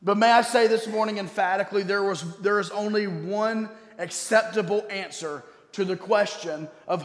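A man preaching a sermon as pastor. He is emphatic, slows down to stress key words and drops suddenly to a quiet voice. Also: sits high. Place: church sanctuary. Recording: echoey hall with long reverb.

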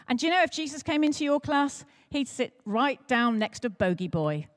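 A woman preaching at an all-age church service, telling a story in a playful, animated way and speaking directly to the children. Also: sits high, moderate pace, few pauses. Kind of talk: lively storytelling sermon for children and adults.

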